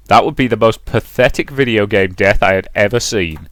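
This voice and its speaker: A man hosting a let's play, reading a visual novel aloud with brisk narration and chatty asides. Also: fairly low pitch, a bit bright, faint music behind.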